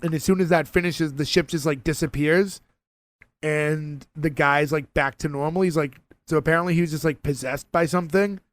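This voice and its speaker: Podcast co-host, man, casual and animated, retelling scenes. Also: a little high, normal speed. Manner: animated, lively retelling with many fillers. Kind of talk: casual chat recapping a TV episode.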